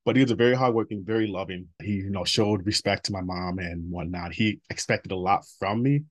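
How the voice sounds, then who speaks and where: A man in his thirties, appearing as an interview guest, talks bluntly and with plenty of profanity about his past, laughing between stories. His voice is low and a little fast, and the conversation is a candid personal interview.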